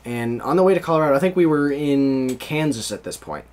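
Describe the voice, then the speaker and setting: Rambling young man with a lively voice. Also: mid-range voice, fairly quick. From United States. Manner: rambling, laughs often. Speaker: podcast host. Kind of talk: casual chat.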